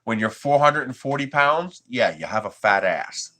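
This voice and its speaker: A man's voice: medium pitch, lively intonation, moderate pace, bright, forceful tone. A man from the United States hosting a 3D printing livestream, chatting casually with his viewers and chuckling often.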